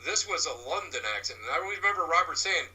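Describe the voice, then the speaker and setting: Bright-voiced male medium telling tales. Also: on the high side, lively intonation, recorded from a distance, low-quality recording. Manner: halting, repeats and restarts words. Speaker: psychic medium and mediumship instructor, guest. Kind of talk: rambling anecdotal storytelling.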